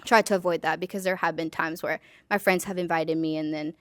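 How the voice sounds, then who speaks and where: A woman's voice: deep voice, steady tone, fairly quick, no echo. A young woman of college age, a podcast guest talking earnestly and casually, full of "like" and "you know". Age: young adult. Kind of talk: casual interview.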